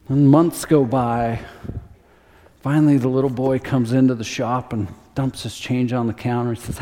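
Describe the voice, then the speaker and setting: A pastor delivers his sermon with a warm, mellow voice. He tells his story earnestly, slowing and softening to press a point home. His words ring out with the long reverb of a large hall. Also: medium pitch, steady tone.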